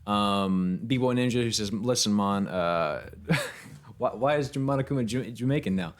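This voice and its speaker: A man's voice: medium pitch, normal speed. A tired man streaming a game. He chats casually in a rambling, easygoing way, laughs often, and fills his talk with fillers. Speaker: game streamer and voiceover actor. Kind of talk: casual live-stream chat.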